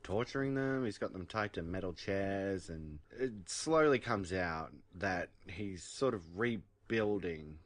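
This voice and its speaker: A man co-hosting a casual podcast, recapping the plot in a relaxed way and laughing often. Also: sits low, a little slow, hardly any pauses, dry recording. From Australia. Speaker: podcast co-host. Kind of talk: casual chat.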